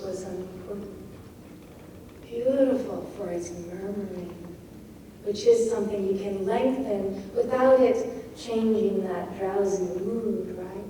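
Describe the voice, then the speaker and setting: Woman, poetry lecture, mellow voice, distant mic, long hall reverb. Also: medium pitch, a little hiss or hum. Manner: slow, reads lines aloud and dwells on their sounds. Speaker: poet giving a craft talk. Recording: echoey hall from far off.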